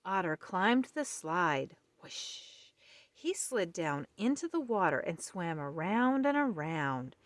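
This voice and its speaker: A woman reading a children's picture book aloud in a gentle, friendly way. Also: on the low side, big pitch swings, measured pace, few pauses, no room sound. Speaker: storybook reader.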